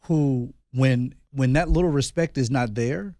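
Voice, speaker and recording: A man co-hosting a casual podcast, telling a family story in an animated way and often repeating his words as he thinks. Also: mid-range voice, unhurried, dry recording, clean studio sound. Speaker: podcast co-host and father.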